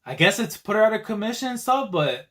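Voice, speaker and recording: Excitable man reacting to a manga chapter. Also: high voice, fast. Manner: excitable and slangy, with frequent exclamations. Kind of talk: live reaction commentary.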